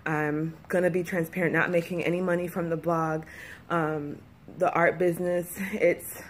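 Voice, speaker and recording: A woman's voice: lowish voice, a little mellow. Candid, rambling woman vlogger. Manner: candid, rambling, with many fillers and restarts. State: emotional, close to tears. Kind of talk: casual personal vlog talk.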